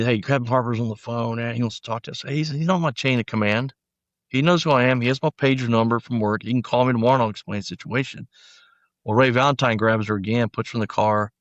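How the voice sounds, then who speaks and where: A man's voice: mid-range voice, a bit bright, dry recording. A middle-aged man, a former sheriff's deputy, recounting his story in an interview, with frequent restarts and quoted lines acted out. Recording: dry, slightly dull audio.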